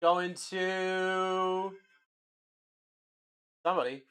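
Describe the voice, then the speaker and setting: High-voiced hyped card-break host man. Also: slow pace, long pauses, sharp tone, smooth. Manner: hyped, chatty, rattling off player names to buyers. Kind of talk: livestream card-break calling.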